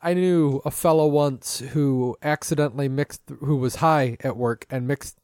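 A man's voice: medium pitch, measured pace, a little mellow, clean tone, no room sound, clean studio sound. A man co-hosting a comedy podcast, playful and goofy, spinning silly stories. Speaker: podcast co-host.

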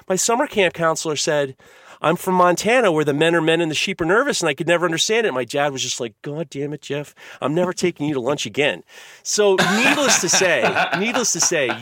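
Animated man telling a story. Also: fairly quick, no echo, studio quality. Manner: animated storyteller, acts out voices with big pitch swings. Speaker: podcast co-host. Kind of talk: casual podcast chat.

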